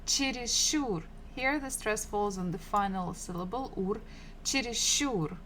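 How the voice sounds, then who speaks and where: A woman teaching Russian in a live-streamed lesson, who repeats each word slowly and patiently and chats with her viewers between words. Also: medium pitch, a little hiss or hum. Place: home.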